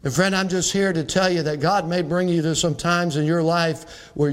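A pastor preaching an emphatic sermon, reading old-fashioned scripture aloud and calling his listeners friends. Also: steady tone. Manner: reads scripture in old-fashioned wording, slowing and dropping low on key words.

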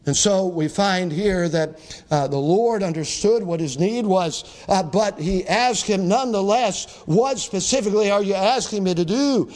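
High-voiced man preaching a sermon. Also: darkish tone. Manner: earnest preaching with emphatic slowdowns and quoted scripture. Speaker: pastor.

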